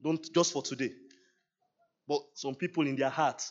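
Animated high-voiced pastor, lo-fi recording. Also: male voice, moderate pace, long pauses. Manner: animated, laughing, acting out dialogue with God. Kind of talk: sermon. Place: church service.

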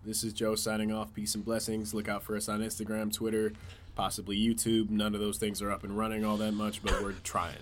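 A man co-hosting a podcast in casual chat, animated and excitable. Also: on the low side, brisk, a little hiss or hum. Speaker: podcast co-host.

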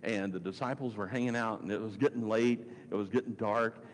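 A man giving a conversational sermon, repeating phrases for emphasis and swinging between loud and hushed delivery. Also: lowish voice, fairly even intonation, brisk. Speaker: pastor. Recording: long reverb, faint background noise.

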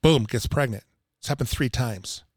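Man, podcast guest, emphatic, repeats for effect, mid pitch, dead-dry sound. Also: moderate pace, dry recording. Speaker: water filtration installer, guest. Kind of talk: casual podcast chat. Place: Utah.

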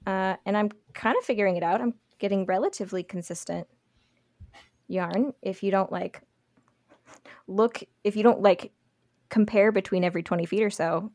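A woman's voice: mid-range voice, moderate pace, long pauses, darkish tone, no echo, studio quality. A woman co-hosting a podcast in casual chat, rambling with fillers. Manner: chatty, lots of fillers and hedging, light laughs. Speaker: podcast co-host.

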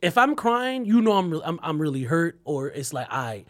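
A man hosting a podcast, talking in an animated, emphatic way with lots of laughter and AAVE phrasing. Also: on the high side, normal speed. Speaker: podcast host. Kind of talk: casual chat.

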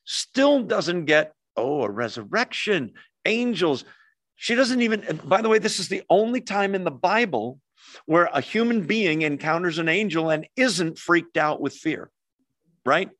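Chatty preacher, slightly high, dry sound. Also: male voice, unhurried, no echo. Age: older. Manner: chatty, asks the audience questions, animated. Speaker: pastor. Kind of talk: conversational Bible teaching. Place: church hall with in-person and online audience.

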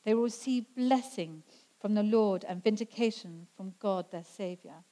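A woman preaching a sermon in an earnest way, slowing down to stress scripture quotes. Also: mid-range voice, mellow, poor audio. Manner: earnest, slows down for emphasis when quoting scripture.

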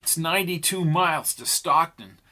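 A male narrator plays a ruthless outlaw in an audiobook western. He is curt and menacing, with a cold, scornful edge. His voice is slightly high and bright. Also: normal speed.

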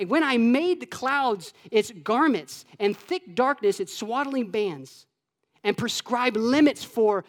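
A man from Florida preaching a sermon to his church, animated, acting out voices and dropping to a hush at times. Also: extremely high pitch. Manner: animated, acts out God's voice and his own childhood taunts, with soft hushed stretches. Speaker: pastor. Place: church sanctuary with long reverb. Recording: echoey church hall.

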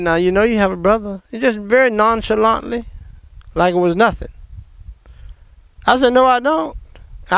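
A middle-aged man from the American South telling a personal family story in an emphatic, animated way. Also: sits high, vocal fry, clear, resonant tone, no echo.

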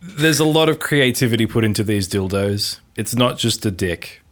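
A man's voice: on the low side, animated, moderate pace. A man co-hosting a comedy podcast, making crude jokes in a blunt, matter-of-fact way. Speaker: podcast co-host.

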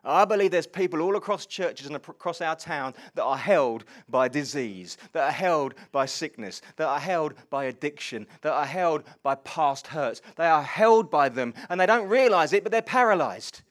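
A man's voice: fairly high pitch, moderate pace, few pauses. A man preaching a sermon and asking the congregation questions. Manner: animated, asks the congregation questions.

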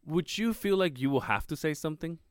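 A man's voice: a little high, animated, brisk, clear, resonant tone, no room sound, clean studio sound. A man co-hosting a podcast in casual chat, joking and swearing, often breaking into laughter. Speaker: podcast co-host.

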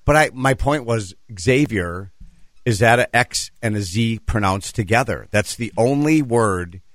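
A man's voice: lowish voice, animated, measured pace, a bit bright, no room sound. A man co-hosting a radio show, rambling in a folksy, self-deprecating way. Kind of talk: casual studio banter.

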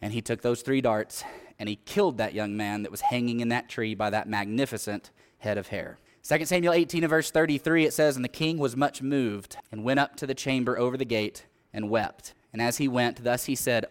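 A man's voice: mid-range voice, brisk. A man preaching a sermon, telling a Bible story and reading scripture aloud, building up energy at the dramatic parts. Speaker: pastor.

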